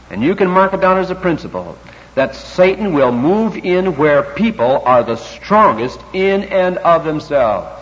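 Male preacher, mid-pitched, dramatic swings from loud to hushed; reverberant sanctuary. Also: slight background noise. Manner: dramatic swings between loud emphasis and quiet intensity; reads scripture in King James wording. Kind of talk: sermon. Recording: dull lo-fi recording, long hall reverb.

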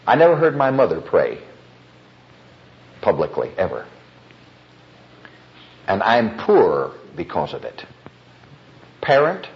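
A man preaching a sermon as pastor, telling stories and acting out the people he quotes. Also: lowish voice. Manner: storytelling preacher, acts out quoted voices. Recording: dull lo-fi recording.

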